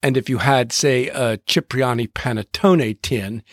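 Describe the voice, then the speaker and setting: A man hosting a podcast, narrating in a deliberate way and drawing out rhythms as he explains them. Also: mid-range voice, noisy background. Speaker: podcast host.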